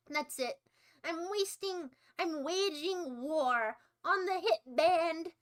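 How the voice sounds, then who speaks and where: A woman's voice: very high-pitched, slow. A woman hosting a casual livestream, bantering with her chat in playful, mock-indignant rants full of silly tangents. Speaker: livestream host.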